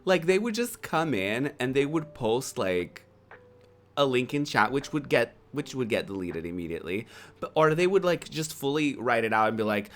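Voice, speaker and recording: A streamer in their twenties chatting casually to a live chat, playful and quick to laugh. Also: mid-range voice, big pitch swings, soft background music. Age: 20s.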